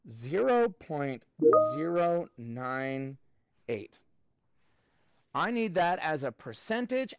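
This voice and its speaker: A man teaching math to a class, playful and animated, calling on students by name. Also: on the high side, dry recording.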